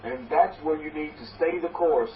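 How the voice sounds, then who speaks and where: A rabbi with a slightly high voice preaches at a moderate pace, urging his listeners on while rambling and restarting, often acting out what doubters say. The room recording is echoey, distant and muffled, with a little hiss or hum.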